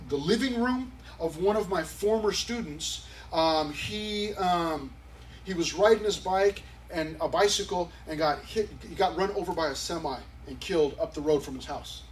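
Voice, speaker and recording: A man's voice: sits high, recorded from a distance, a little hiss or hum, low-quality recording. A male pastor preaching a sermon at a youth service in a conversational, emphatic way. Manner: conversational and emphatic, acting out quotes.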